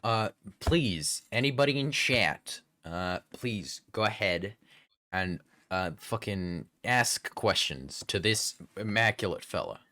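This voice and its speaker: A man's voice: fairly low pitch, expressive, slow, bright, forceful tone. A man hosting a casual live stream, rambling, swearing and laughing as he chats with a guest and reads questions from chat. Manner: profane, giggly, rambling. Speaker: VTuber streamer host.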